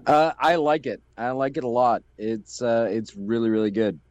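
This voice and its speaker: A man's voice: medium pitch, steady tone, moderate pace, a little mellow, dry recording, lo-fi sound. A man co-hosting a podcast in casual chat, easygoing with frequent hesitant fillers. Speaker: podcast co-host.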